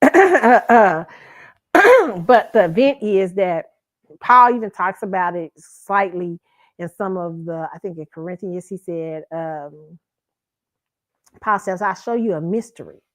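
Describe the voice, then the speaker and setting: A woman with a lowish, expressive voice hosts a commentary stream, telling stories slowly with long pauses in a chatty, rambling style and often correcting herself mid-sentence. The recording is dry.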